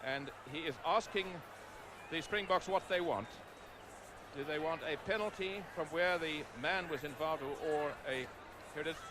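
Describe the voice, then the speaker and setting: A middle-aged man giving live rugby play-by-play commentary, calm for background facts and rising to excited calls at big moments. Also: a little high, normal speed, background noise.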